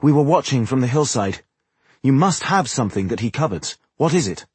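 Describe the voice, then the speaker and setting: A man voicing a proud, scornful sorceress woman in an audiobook, speaking bluntly with a husky voice. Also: medium pitch, very animated, a little fast, no room sound, pitched above the performer's own voice.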